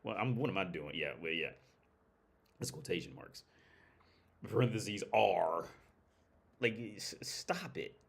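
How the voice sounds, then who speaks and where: Man, livestream host, casual commentary, rambling and profane, lively pitch. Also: unhurried, vocal fry, pauses often, slightly rough. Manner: blunt, profane, rambling with restarts and laughs.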